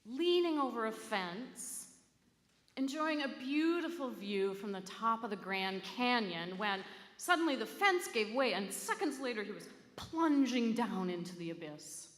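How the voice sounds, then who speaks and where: A woman minister delivering a sermon, telling a story slowly with dramatic emphasis. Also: fairly high pitch, expressive, a bit bright. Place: church sanctuary. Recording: echoey sanctuary with long reverb.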